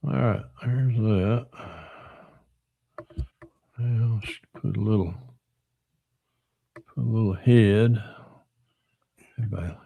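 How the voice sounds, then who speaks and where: A man's voice: on the low side, vocal fry, dry recording, narrow, tinny audio. A middle-aged man from Northwestern Georgia with a Southern accent, hosting a casual livestream while he builds a model car and answers chat in a folksy drawl.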